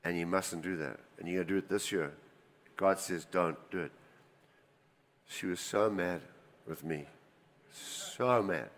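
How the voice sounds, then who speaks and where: Older man, pastor preaching, lowish voice, storytelling that swings loud and soft, long hall reverb. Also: a little slow, pauses often. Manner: animated storytelling, swinging between loud emphasis and quiet asides. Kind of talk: sermon with personal stories.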